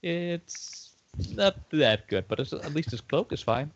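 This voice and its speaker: A man's voice: fairly high pitch, expressive, a little slow, lo-fi sound. A man, a player in a tabletop game, speaking hesitantly and filling his talk with "like". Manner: hesitant, filler-heavy with "like". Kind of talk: casual game chat.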